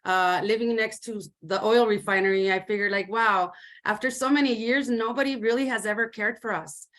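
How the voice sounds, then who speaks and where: A woman advocate from Colorado giving an earnest personal testimony on a video call, halting with many fillers and mixing in Spanish words. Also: a little high, fairly even intonation, fairly bright tone. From Commerce City, Colorado. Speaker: community advocate.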